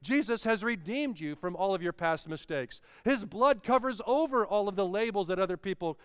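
A man's voice: sits high, lively intonation, moderate pace, clean tone, no room sound, studio quality. A man preaching a sermon as pastor, with swelling emphasis and repeated phrases.

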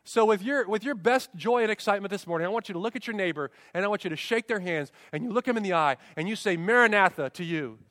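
A man's voice: high-pitched, fast, few pauses, a bit bright, dry recording, studio quality, big-room sound. A man preaching a sermon as pastor, emphatic, with rhetorical questions and repeated refrains.

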